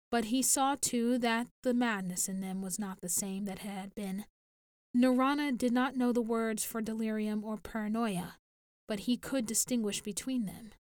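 Slow, measured woman narrating. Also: on the high side, no echo, studio quality. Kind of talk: audiobook reading.

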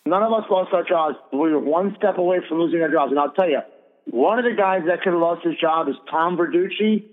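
A man's voice: a little high, fairly quick. A middle-aged man hosting a radio talk show, speaking bluntly and indignantly and swearing freely. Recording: tinny phone-like radio audio with long reverb.

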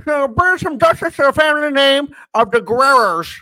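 A blustering old man with dentures barks out demands in a high, gummy voice that swoops up and down, as a man puts him on. The voice is loud and pushy. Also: expressive, brisk, no echo, full character voice, low-quality recording.

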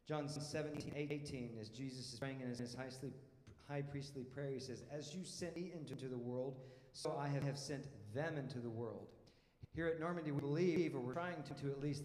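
A man's voice: medium pitch, darkish tone. A pastor preaching a sermon in a casual, emphatic way, asking the congregation questions and often repeating words as he restarts. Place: church hall. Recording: echoey hall with long reverb.

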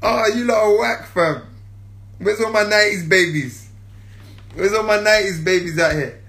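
Playful bright-voiced man on a livestream. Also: high voice, lively intonation, roomy sound. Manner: playful, laughs often, drawn-out shouted catchphrases. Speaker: livestream host. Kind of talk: casual livestream chat.

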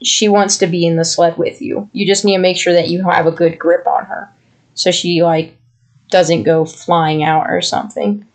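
A man's voice: high-pitched, steady tone, normal speed. A man co-hosting a podcast, chatting casually and rambling affectionately. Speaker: podcast co-host. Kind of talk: casual chat.

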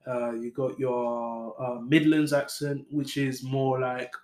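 A man's voice: mid-range voice, level tone, slow, darkish tone. Chatty man in an echoey room. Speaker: podcast host. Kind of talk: casual chat.

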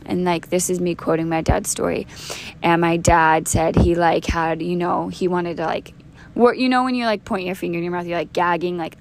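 Earnest woman with a gravelly low voice. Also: steady tone, moderate pace. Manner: earnest, conversational, frequent restarts and fillers. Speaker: podcast host. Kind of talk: personal testimony podcast.

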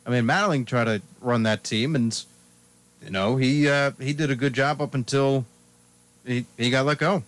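A man's voice: medium pitch, normal speed, no room sound. A man hosting a sports talk radio show, chatting casually and running through his picks one after another.

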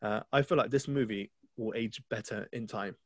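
A man's voice: lowish voice, moderate pace, no echo. A man co-hosting a podcast, chatting casually and enthusiastically about a film, rambling with restarts. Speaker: podcast co-host.

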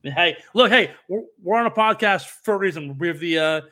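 A man's voice: high voice, animated, brisk, sharp tone. Rambling young man on a podcast. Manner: rambling storyteller with many fillers and restarts. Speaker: podcast co-host. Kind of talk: casual chat.

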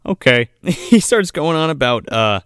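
A man's voice: medium pitch, expressive, normal speed, a bit bright, no echo, studio quality. A man co-hosting a podcast, casually recapping a movie scene by scene, acting out the lines and laughing often. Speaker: podcast co-host.

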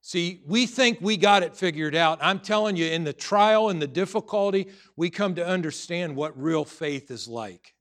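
A man's voice: high-pitched, moderate pace, few pauses, fairly bright tone. Earnest middle-aged male pastor preaching. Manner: earnest storytelling with many restarts, rising to emphatic preaching. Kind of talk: sermon.

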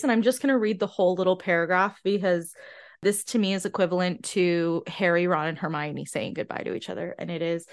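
A woman's voice: on the low side, steady tone, brisk. A woman hosting a podcast, earnestly recapping and discussing a fantasy novel in a casual, sentimental way, with frequent restarts. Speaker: podcast host.

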